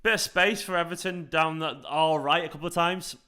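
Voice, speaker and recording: A man's voice: on the high side, steady tone, brisk, bright, forceful tone. A young man hosting a live football watchalong, chatting casually, reacting to the play and greeting viewers by name. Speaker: fan channel host. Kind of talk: live match watchalong commentary, reading chat.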